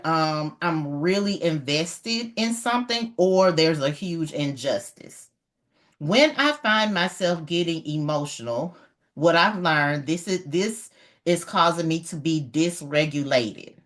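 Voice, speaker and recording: A middle-aged woman talks about leadership in an animated, emphatic way. She repeats her main points for weight. Her voice sits a little low for a woman. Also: slow pace. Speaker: leadership educator. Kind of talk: motivational talk.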